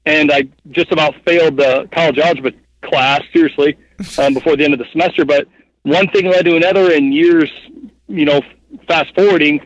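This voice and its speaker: This podcast guest is a talkative man in his thirties with a voice on the high side and a brisk delivery. His animated, rambling retelling is full of filler words, and the dry recording sounds dull and muffled.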